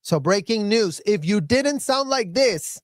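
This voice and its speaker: A man's voice: high voice, animated, a little slow, no room sound, studio quality. A man giving heated, profane commentary, ranting in repetitive bursts about his upbringing. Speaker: commentator and former child member of the group. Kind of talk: angry commentary rant.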